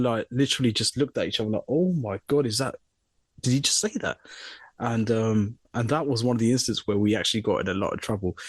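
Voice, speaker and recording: A man's voice: medium pitch, breathy edge, no echo, clean studio sound. A young man co-hosting a podcast, casually telling a funny work story and acting out the people in it. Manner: animated storyteller, mimics voices in quotes. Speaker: podcast co-host.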